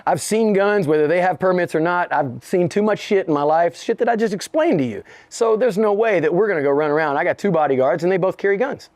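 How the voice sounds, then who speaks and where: A man's voice: high voice, fast talker, hardly any pauses, darkish tone, no echo. A middle-aged man, a rapper being interviewed, telling a story with lots of swearing and laughter and acting out the other people's voices. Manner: profane, laughing, acts out voices in his stories. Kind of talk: animated storytelling in conversation.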